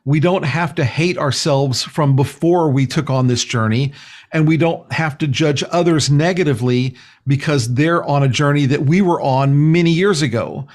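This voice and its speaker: A man with a fairly high voice is speaking as a guest healer in a relaxed interview. His delivery is earnest and meandering, with frequent filler phrases and restarts as he gathers his thoughts. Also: moderate pace. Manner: earnest, rambling, many "you know" fillers. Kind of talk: casual conversational interview.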